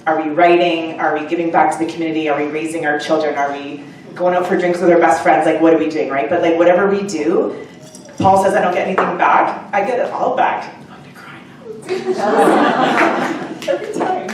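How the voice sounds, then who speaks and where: A woman telling the audience about her short story at a live book launch, chatty and animated, with many fillers and asides. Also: low-pitched, a little fast, far from the mic, noisy background. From Canada. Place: upstairs room of a restaurant at a live event. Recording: very echoey room, voice from off-mic.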